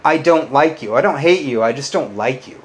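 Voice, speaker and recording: Combative male YouTuber, mid-range voice, resentful rant, loud jumps and muttered low insults. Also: expressive, normal speed. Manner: bitter, combative, swears a lot. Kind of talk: ranting to-camera monologue.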